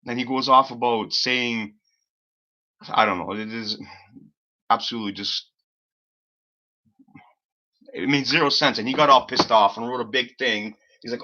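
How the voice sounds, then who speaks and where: A man's voice: mid-range voice, fairly even intonation, measured pace, long pauses, bright, forceful tone. Rambling man on a live stream. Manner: rambling, exasperated storytelling, swears freely. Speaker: livestream host. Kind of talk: casual live-stream chat. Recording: slightly dull lo-fi stream audio.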